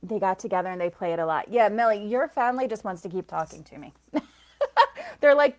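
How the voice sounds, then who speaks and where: A woman's voice: medium pitch, very animated, normal speed. A woman psychic reader chatting loosely on a live stream, rambling from thought to thought, laughing often and answering viewers by name. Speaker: psychic reader and soul coach. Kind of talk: casual live-stream chat.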